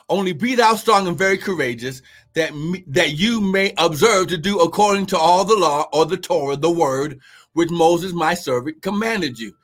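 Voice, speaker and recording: Guy preaching a live sermon, high voice, keeps shouting and asking the crowd what, really fired up. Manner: fervent, shouting exclamations and call-and-response questions; reads scripture aloud and breaks off to exhort listeners. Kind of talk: livestreamed sermon.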